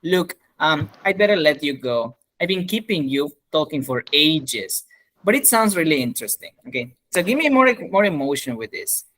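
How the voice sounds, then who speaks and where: Encouraging male English teacher on a video call, bright and forceful tone, slightly high voice. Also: normal speed. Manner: encouraging, animated, laughs often. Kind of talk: online speaking class.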